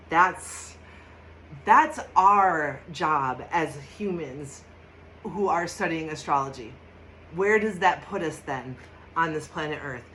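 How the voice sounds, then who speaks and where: A woman's voice: low voice, slight background noise, rough recording. A woman hosting a casual tarot and astrology reading, chatty and emphatic, laughing often. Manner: chatty and emphatic, laughs often, bursts into loud mock shouts.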